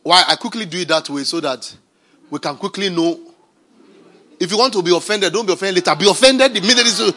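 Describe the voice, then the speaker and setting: A man preaching a sermon as pastor, swinging from shouted declarations to quiet, chatty asides. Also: sits high, fast talker.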